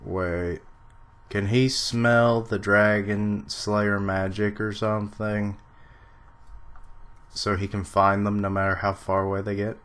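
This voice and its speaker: A man reading a manga chapter aloud on a live stream and commenting on it, with dry sarcastic asides and now and then clearing his throat. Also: lowish voice, little pitch movement, takes it slowly, fairly bright tone. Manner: clears throat, mentions allergies. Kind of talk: casual live reading and reaction.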